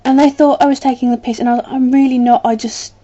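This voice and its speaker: A woman's voice: high-pitched, little pitch movement, quick pace, warm tone, muffled recording. A woman with a British English accent chatting casually to camera as a vlogger, rambling a little with plenty of ums.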